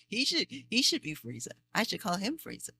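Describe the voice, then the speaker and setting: A woman voice actress answering fan questions at a convention Q&A, chatty and animated, laughing often as she tells stories. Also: medium pitch, slightly rough. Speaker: voice actress guest.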